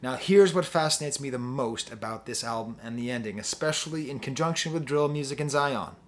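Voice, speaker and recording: A man's voice: mid-range voice, brisk. A man reviewing an album on his channel, ranting with sarcastic rhetorical questions and growing impassioned. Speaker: music reviewer.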